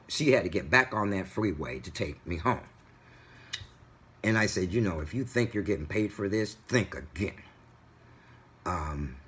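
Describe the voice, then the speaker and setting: A man vlogging, retelling a story in an animated, indignant way. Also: deep voice, slightly rough. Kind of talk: casual storytelling vlog.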